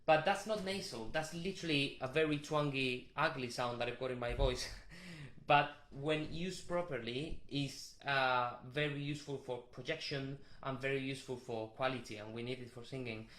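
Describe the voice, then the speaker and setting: A man teaching a vocal warm-up, explaining technique with restarts and short sung demonstrations. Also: medium pitch, normal speed, echoey room. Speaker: vocal coach.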